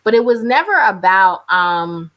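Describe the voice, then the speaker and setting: A woman's voice: medium pitch, a little slow, a bit bright. A woman in her thirties with a North Carolina accent. She is a radio journalist talking candidly in an interview over a video call, and she laughs easily. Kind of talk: casual interview talk.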